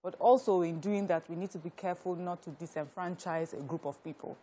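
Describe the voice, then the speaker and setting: A woman's voice: on the low side, a little fast, warm tone, a little hiss or hum. A Nigerian woman speaking as a TV talk show panelist, making her points with animation. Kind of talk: studio panel discussion.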